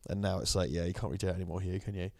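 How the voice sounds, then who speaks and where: An Englishman in a laid-back film commentary, cracking jokes and swearing freely. His voice sits on the low side. The sound is dry and close, with no room echo. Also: steady tone, vocal fry, mellow. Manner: jokey, sweary, quick banter. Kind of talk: casual film commentary chat.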